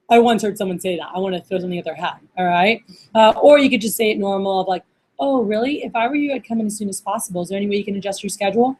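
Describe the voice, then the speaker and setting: A woman's voice: a little high, quick pace, darkish tone. A young woman running a receptionist training workshop, talking casually with lots of fillers and acting out phone calls. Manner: casual, chatty, many fillers like "like" and "uh".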